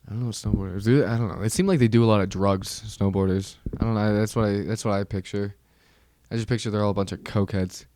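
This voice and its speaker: A man's voice: fairly low pitch, steady tone, fast, dark tone, no room sound, studio quality. A man hosting a casual solo podcast, rambling, with many restarts and trailing fillers. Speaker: podcast host.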